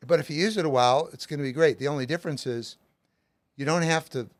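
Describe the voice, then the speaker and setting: Speaking fast in a higher-pitched voice with no echo, a middle-aged male author appears as a guest. He lays out his method with emphasis, illustrating it through plenty of everyday examples.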